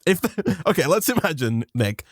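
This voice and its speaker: Guy, giggly teasing chat, slightly high pitch, dry sound. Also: big pitch swings, moderate pace, gravelly, no echo. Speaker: gaming co-host. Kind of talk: casual chat while gaming.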